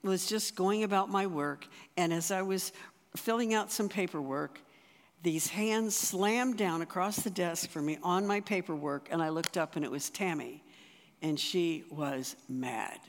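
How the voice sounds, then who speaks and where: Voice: mid-range voice, unhurried. A speaker giving a sermon through a personal story, talking conversationally with frequent restarts. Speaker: speaker at a church or retreat. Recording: reverberant hall.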